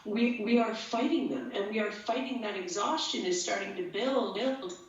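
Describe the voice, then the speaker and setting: A woman's voice: medium pitch, normal speed. Earnest rambling woman in an echoey room. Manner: earnest, rambling, gets emotional. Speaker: guest, empath and tattoo artist. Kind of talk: casual interview talk. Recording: echoey, distant, dull sound.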